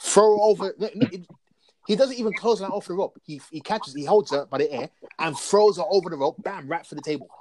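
A man talking casually about wrestling as a podcast co-host, telling stories in an animated, excitable way. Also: high voice, fairly quick, slight background noise, poor audio.

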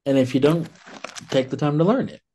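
A man co-hosting a podcast in casual chat, relaxed and hesitant, with frequent ums between points. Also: a little high, brisk, husky. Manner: relaxed, hesitant with many fillers. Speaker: podcast co-host.

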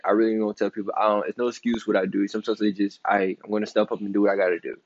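A man's voice: on the low side, darkish tone, no echo, dull audio. A man in his twenties talking casually and loosely in a solo podcast, rambling, slangy and emphatic. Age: 20s. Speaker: podcast host.

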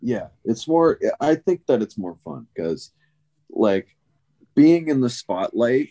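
A man's voice: medium pitch, big pitch swings, takes it slowly, warm tone. Rambling American podcast guy. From United States. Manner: rambling, lots of fillers and laughter. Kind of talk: casual chat.

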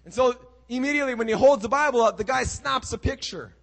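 A man with a strikingly high voice preaches a sermon as a story. He is animated and acts out each person's lines as he goes. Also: fast, vocal fry. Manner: animated, acting out quoted dialogue.

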